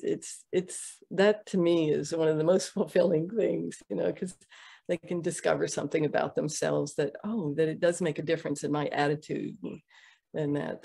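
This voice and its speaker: A middle-aged woman telling a story in a podcast interview, halting with many fillers and restarts. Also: fairly low pitch, vocal fry, mellow, slightly rough. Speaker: interview guest, Ayurvedic practitioner. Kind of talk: conversational storytelling.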